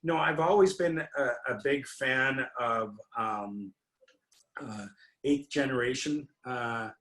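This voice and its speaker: A man's voice: mid-range voice, slow pace, fairly bright tone. Man, interview guest, rambling storyteller, many restarts, roomy echo. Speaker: winery owner, interview guest. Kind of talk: anecdotal storytelling in a conversation.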